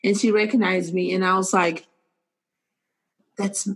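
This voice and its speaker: Animated woman host, playful and laughing. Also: on the low side, fairly quick. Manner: animated, laughs often, bursts into playful acted quotes. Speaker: podcast host. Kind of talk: casual podcast chat.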